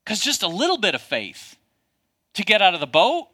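A man preaching a sermon as a pastor, addressing his congregation with lively rhetorical questions. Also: high voice, fairly quick.

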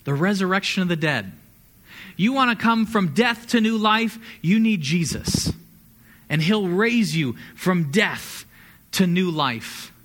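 Man, pastor, sermon, high-pitched, bright tone, conversational, energetic. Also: slow. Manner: conversational, energetic preaching with sports metaphors.

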